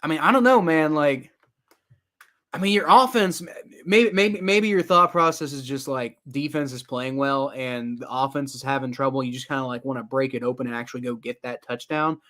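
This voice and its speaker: A young man giving casual live play-by-play reaction to a football game, rambling with many fillers and getting loud and exasperated at times. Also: mid-range voice, normal speed. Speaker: sports reaction streamer.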